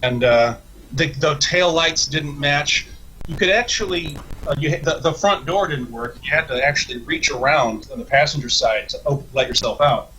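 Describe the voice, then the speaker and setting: A man with a bright, forceful voice that sits a little high, telling a rambling, profanity-laced story as a podcast guest. He restarts and trails off often, and faint noise hums behind him. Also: moderate pace, poor audio. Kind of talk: casual storytelling.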